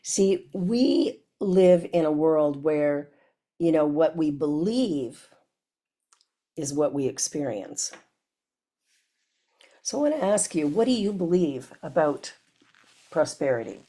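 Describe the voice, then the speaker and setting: A woman's voice: low voice, expressive, slow, pauses often, warm tone. A woman minister giving a reflective sermon that asks the listener many questions.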